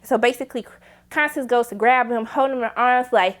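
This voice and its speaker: A young woman recapping a TV episode in casual speech, animated and sassy, swearing freely and acting out the characters' lines. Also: fairly high pitch, brisk. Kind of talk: casual recap with acted-out quotes.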